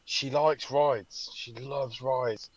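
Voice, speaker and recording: A man co-hosting a podcast, telling a story in an animated way and swearing freely. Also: medium pitch, extremely slow, dry recording, lo-fi sound. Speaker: podcast co-host. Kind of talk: casual chat.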